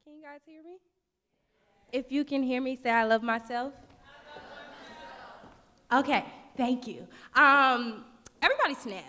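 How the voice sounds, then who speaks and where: A woman's voice: high voice, lively intonation, moderate pace, bright, forceful tone, a little hiss or hum. A woman poet from North Carolina talking to the audience and performing spoken word. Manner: engaging crowd, rhythmic delivery. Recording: reverberant library hall.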